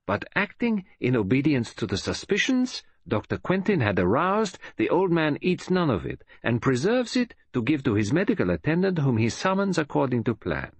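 Husky man narrating an audiobook. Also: mid-range voice, dry recording. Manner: expressive, measured storytelling. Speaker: audiobook reader. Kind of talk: scripted narration.

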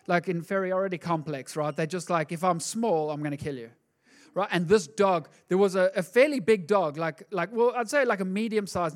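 A male pastor preaching a sermon in an animated, conversational way, acting out the voices he quotes. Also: high-pitched.

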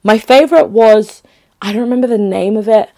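A young adult vlogger with a warm, fairly high voice talks briskly and casually to camera. Emphatic with her viewers, she keeps starting her phrases over.

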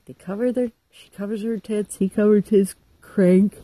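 Middle-aged woman, dark mellow voice, dry sound, irreverent casual monologue. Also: medium pitch, steady tone, moderate pace, dry recording, poor audio. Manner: irreverent, profane, chatty. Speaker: storyteller.

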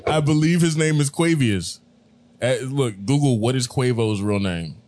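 A man's voice: moderate pace, darkish tone. A man co-hosting a podcast in casual banter, playful and laughing often. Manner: playful, laughs often, drops into a low put-on smooth voice. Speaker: podcast co-host.

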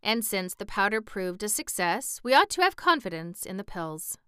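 A kindly, sympathetic tin man with stiff fingers, read by a woman. The storybook delivery is measured and slightly raised, the voice smooth and resonant, and the recording is dry. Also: medium pitch, very animated, bright, forceful tone, no room sound. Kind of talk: audiobook reading.

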